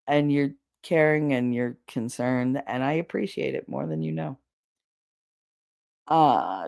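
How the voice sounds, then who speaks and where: A woman's voice: very deep voice, slow pace, vocal fry, darkish tone. A woman hosting a casual livestream, chatting with her viewers, laughing often and swearing casually. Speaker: livestream host.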